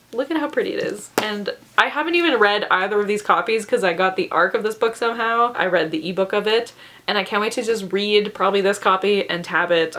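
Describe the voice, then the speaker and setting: A woman's voice: medium pitch, fairly bright tone. A woman reviewing her favorite books in a casual vlog, emotional and gushing, laughing often and saying "like" a lot. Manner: filler-heavy, says "like" a lot. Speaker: book reviewer.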